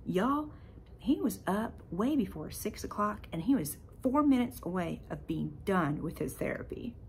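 Woman podcast host, mid-range pitch, animated and heartfelt faith storyteller. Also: measured pace, a little hiss or hum. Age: adult parent. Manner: animated, emotional, talks to listeners directly.

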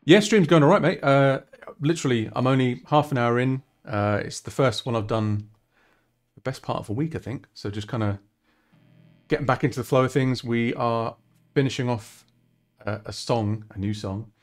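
Speaking at a moderate pace in a mid-range voice, a man works on a song during a live stream, talking it through in a chatty, self-deprecating way.

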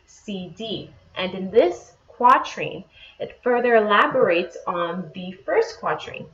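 A woman's voice: lowish voice, a bit bright. A woman teacher explaining patiently, step by step, in a classroom lesson. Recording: echoey, dull lo-fi room sound.

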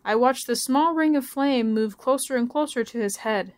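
A woman student reading a novel aloud in a steady, careful way. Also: a little high, moderate pace. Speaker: student reader.

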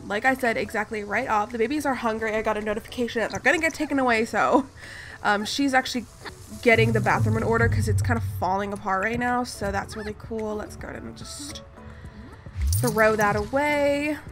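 A woman with a slightly high voice gives casual, chatty commentary while she plays a game. She talks in a mock-exasperated way and scolds the characters on screen. Clear background music runs under her voice. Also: fairly quick. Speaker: gaming channel host.

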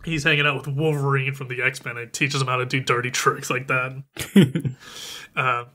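A man's voice: mid-range voice, little pitch movement, normal speed, sharp tone. A man co-hosting a podcast, casually retelling a movie's plot and acting out the characters' lines. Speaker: podcast co-host recapping a film. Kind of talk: casual chat.

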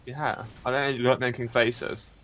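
A man's voice: medium pitch, moderate pace, slight background noise. A man joking around in casual chat with a friend while playing an online game. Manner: playful, joking, animated, laughs often. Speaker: co-player.

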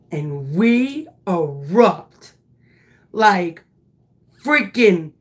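A softball coach and teacher with a mid-range voice tells a story animatedly and emphatically, swearing casually along the way.

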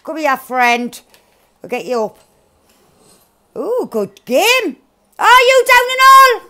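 Excitable sweary woman gamer. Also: extremely high pitch, takes it slowly. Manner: loud, swearing, excitable, laughs often. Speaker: gaming streamer. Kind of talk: live gameplay commentary.

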